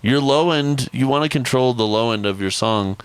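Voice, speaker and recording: A man's voice: medium pitch, normal speed, clear, resonant tone, no room sound. A man co-hosting a music production podcast, chatting casually, rambling and laughing often. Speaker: podcast co-host. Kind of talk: casual chat.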